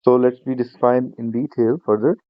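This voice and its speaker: A man's voice: medium pitch, steady tone, moderate pace, dry recording, lo-fi sound. Man teaching a speaking class online. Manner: explanatory, repeats points, frequent fillers. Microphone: shared screen video class.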